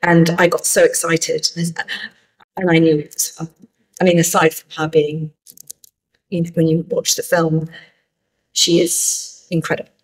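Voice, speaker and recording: A woman's voice: low voice, level tone, unhurried, long pauses, rough recording. A middle-aged woman film director answering interview questions thoughtfully, with frequent restarts. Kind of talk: festival interview.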